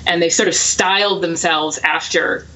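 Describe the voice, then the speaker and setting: A woman author talking casually in an interview, quick and self-deprecating, laughing often. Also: fairly low pitch, fairly even intonation, sharp tone, poor audio. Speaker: author guest.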